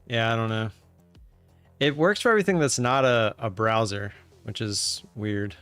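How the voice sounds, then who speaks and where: A man hosting a live stream in casual chatter, who breaks into loud cheering now and then. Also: fairly low pitch, normal speed, clear, resonant tone, no echo, soft background music.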